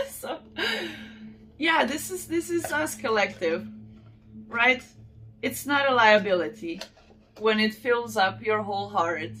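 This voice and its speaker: A woman vlogger chats casually to her viewers, gushing and speaking to them directly. She talks at an unhurried, drawn-out pace in a fairly high voice. A faint hiss sits under her voice. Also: fairly bright tone. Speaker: channel host. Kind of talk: casual unboxing chat to viewers.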